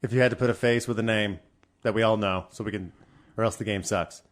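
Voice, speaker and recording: A man's voice: on the low side, fairly even intonation, fast. A man co-hosting a raunchy podcast, needling his co-host with jokey questions. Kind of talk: raunchy casual chat. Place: studio.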